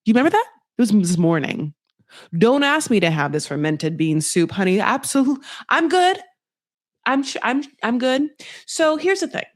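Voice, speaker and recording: A woman's voice: a little high, very animated, a little slow, no echo, studio quality. A woman hosting a podcast, casually recapping a reality TV show in a rambling, gossipy way full of fillers. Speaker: podcast host.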